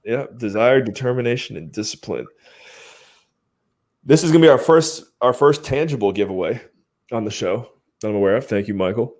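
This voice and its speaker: A man's voice: mid-range voice, brisk, darkish tone. A man hosting a live podcast stream, chatting casually in an upbeat way and laughing often. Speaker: podcast host.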